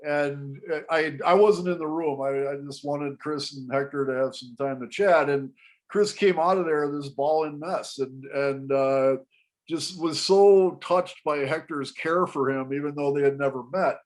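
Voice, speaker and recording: A man telling a story to an interviewer in casual panel talk, animated and often restarting his sentences. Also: a little high, measured pace. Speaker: guest storyteller.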